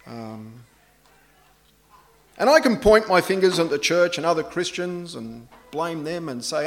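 A middle-aged man preaching a sermon in a relaxed, anecdotal way, poking fun at himself. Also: a little high, a little slow. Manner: conversational, anecdotal, self-deprecating.

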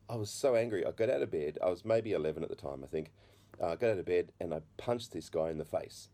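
A middle-aged man sharing his personal testimony, halting with many restarts, and a slight cough. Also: sits low, animated, dark tone. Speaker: speaker giving his testimony.

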